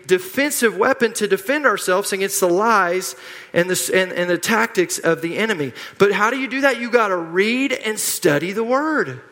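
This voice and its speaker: Man, pastor, sermon, forceful tone, emphatic repetition, reverberant church hall. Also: sits high, animated, moderate pace. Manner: emphatic, repetitive, leads call-and-response.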